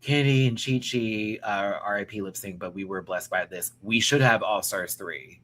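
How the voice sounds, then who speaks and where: Husky, animated Southern man ranting. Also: lowish voice, normal speed. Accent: Southern American. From American South. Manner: animated, swearing, gushing, slangy. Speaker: reaction show host. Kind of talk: casual reaction review.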